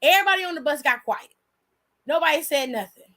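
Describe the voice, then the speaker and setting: High, bright-voiced woman telling a story. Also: fast. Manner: blunt, profane and animated. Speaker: host. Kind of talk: casual storytelling.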